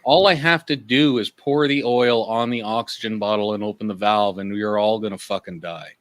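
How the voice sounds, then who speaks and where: A man's voice: on the low side, fairly even intonation, normal speed, dry recording. A man from Canada chatting on a livestream, telling blunt, profane stories. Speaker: livestream guest. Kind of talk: casual chat.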